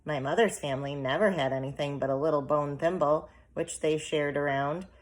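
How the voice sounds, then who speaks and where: A woman's voice: low-pitched, fairly even intonation, fairly quick, lightly acted. A woman reading the part of an anxious, fussing little mother who frets and scolds in an audiobook. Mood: fretful. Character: fretful, anxious tiny mother, middle-aged.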